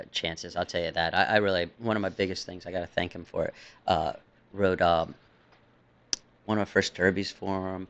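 A man's voice: on the low side, highs cut off. A middle-aged man from New Jersey, a jockey guest chatting loosely and laughing often in a radio interview.

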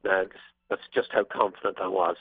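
A man's voice: deep voice, steady tone, normal speed, slightly rough, dry recording. A man, a racehorse trainer, telling wry anecdotes as a guest in an interview. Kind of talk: storytelling interview answers. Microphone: telephone. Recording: tinny phone line, dry.

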